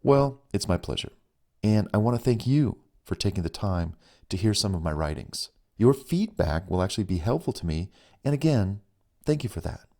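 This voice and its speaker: A man voicing a calm, courteous male suitor in an audiobook. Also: fairly low pitch, moderate pace, vocal fry, exaggerated voice. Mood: gentle. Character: smooth attentive suitor on a phone call. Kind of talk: audiobook reading.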